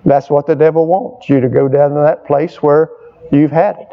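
A man's voice: a little high, steady tone, normal speed. An older man preaching a sermon, calling on the congregation for amens and repeating his points for emphasis. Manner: call-and-response preaching, prompting the congregation for amens; repetitive, emphatic phrasing. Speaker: pastor. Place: church service with a responding congregation. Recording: dull lo-fi recording.

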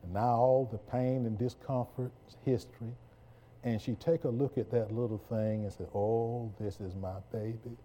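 A man's voice: medium pitch, steady tone, moderate pace, mellow. A man preaching a sermon, leading the congregation in call-and-response.

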